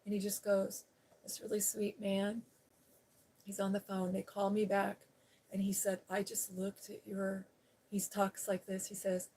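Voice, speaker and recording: With a mid-range voice that is completely flat, measured, and dark in tone, a live stream host tells a personal story in a frank, rambling casual chat, filling it with "you know" and the odd laugh.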